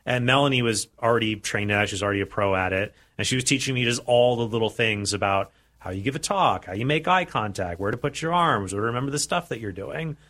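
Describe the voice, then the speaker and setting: A man in his forties joining a radio conversation, talkative and joking. His voice has a bright, forward edge. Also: medium pitch, animated, quick pace. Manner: talkative, restarts and jokes. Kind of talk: casual radio chat.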